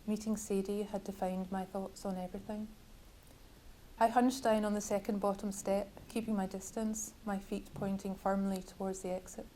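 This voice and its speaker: A woman author reading from her own novel at a bookshop event, measured and wryly literary. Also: medium pitch, flat delivery, dark tone, a little hiss or hum, rough recording.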